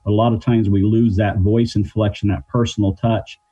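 A middle-aged man with a low, mellow and slightly husky voice explains things in a measured way and leans on everyday examples. He comes through a dull, lo-fi line. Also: little pitch movement. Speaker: guest, crisis negotiation trainer. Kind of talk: explanatory interview answers.

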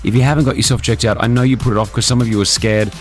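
A man's voice: mid-range voice, steady tone, racing. Male radio host, studio mic, loose jokey banter that can turn sincere, faint music bed. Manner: joking, then earnest and pleading. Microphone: studio microphone with headphones.

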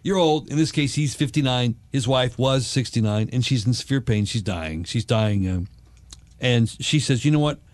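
A man's voice: medium pitch, normal speed, dry recording. A man co-hosting a casual chat show, wry and questioning, often laughing. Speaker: co-host.

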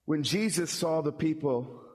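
A male pastor delivering a sermon in an animated way, repeating words when he presses a point. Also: fairly high pitch, unhurried.

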